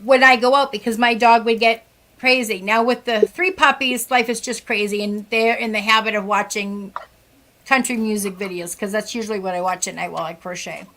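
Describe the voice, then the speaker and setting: A middle-aged woman, a psychic medium, chatting in a guest interview. She is animated and chatty, and she acts out the dialogue she quotes. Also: medium pitch, fairly quick. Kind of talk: casual podcast chat.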